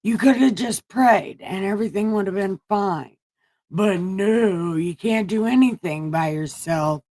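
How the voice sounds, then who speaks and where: A woman voicing an exasperated, lazy grown man in a comic Bible retelling, deadpan and fed up. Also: mid-range voice, unhurried, lightly acted. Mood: annoyed.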